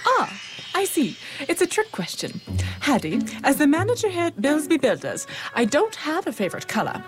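A woman playing a vain, bossy company manager in an audio drama, brisk and self-important. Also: sits high, huge pitch swings, faint music behind.

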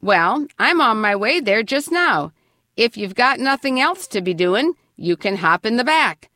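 A woman voicing a genial older man, a castle caretaker who talks slowly and broadly. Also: on the high side, sing-song, sharp tone, dry recording, clean studio sound, voice pushed up, heavily acted. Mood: friendly. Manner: slow, broad, jovial.

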